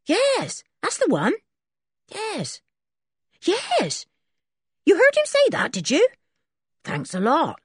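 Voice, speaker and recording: A woman voicing an eager, cheerful teenage garage boy who chatters excitedly in a storybook reading. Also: very high-pitched, slow, long pauses, no room sound, clean studio sound, pitched above the performer's own voice, heavily acted.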